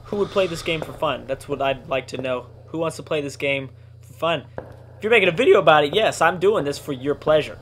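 A man's voice: fairly high pitch, brisk, a bit bright, a little hiss or hum. A man narrating his horror game playthrough, swearing and joking, then breaking into panicked screams. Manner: profane, jokey, panicky screaming. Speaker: gaming video creator. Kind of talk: horror game let's-play commentary.

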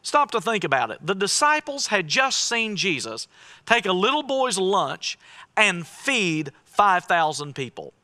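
Male pastor, sermon. High voice, bright and forceful. Dramatic and emphatic, leans on repeated phrases. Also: sing-song, unhurried.

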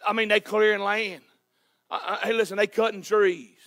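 A man's voice: high voice, steady tone, moderate pace, a bit bright. A man preaching a sermon as pastor in a church, emphatic and hollering. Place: church sanctuary.

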